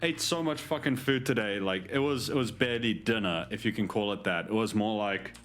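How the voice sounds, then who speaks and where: A man's voice: lowish voice, brisk, fairly bright tone, soft background music. A man live-streaming, chatting casually and jokingly with his chat, with many restarts.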